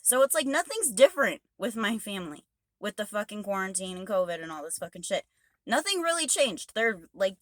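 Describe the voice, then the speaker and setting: A woman's voice: medium pitch, sharp tone, no room sound. A woman truck driver ranting angrily to camera, swearing heavily and exasperated. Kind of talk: angry rant to camera.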